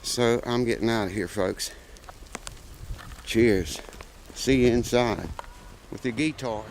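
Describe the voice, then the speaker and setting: A man's voice: medium pitch, slow, a little hiss or hum, poor audio. A man making a guitar repair video, chatting casually in a rambling, folksy way with plenty of "uh" fillers. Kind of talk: casual vlog chat.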